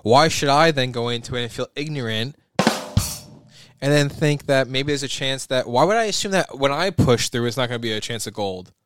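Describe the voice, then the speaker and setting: A man's voice: medium pitch, normal speed, noisy background. A young man co-hosting a podcast, exasperated and swearing in casual banter. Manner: exasperated, profane. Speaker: podcast co-host.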